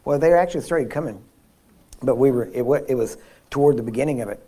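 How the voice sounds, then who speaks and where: A man with a medium-pitched voice talks fast while preaching at a healing seminar. He's an animated storyteller sharing personal stories, laughing often and frequently restarting his sentences.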